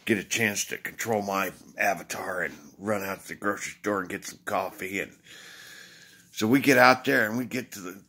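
Worn out from a short night's sleep, a man rambles casually to viewers, swearing freely and acting out quoted exchanges. He speaks at a moderate pace in a fairly low, bright, forceful voice, with a little hiss or hum in the background.

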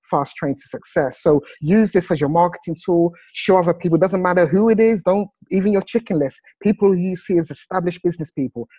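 A man hosts a video call with eager, sales-pitch energy. His voice sits fairly high for a man and sounds close and dry, with no room around it. He stretches words out slowly when he wants them to land. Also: dark tone, no room sound, rough recording. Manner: enthusiastic, salesy, slows down for emphasis. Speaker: host. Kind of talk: upbeat hosting of a video call.

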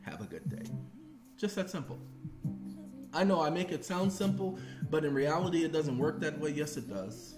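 A fairly high-voiced man lecturing in an animated, emphatic way, hammering points home with long repeated lists. He sounds echoey, as if in a bare room, with music playing clearly behind him. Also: normal speed. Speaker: online presenter. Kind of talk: instructional monologue with acted phone calls.

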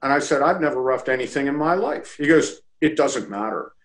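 A man speaks a little fast in a mid-range voice over a rough recording. He hails from the Baltimore area and officiates lacrosse, appearing as a casual interview guest. He's an animated storyteller who acts out the quotes.

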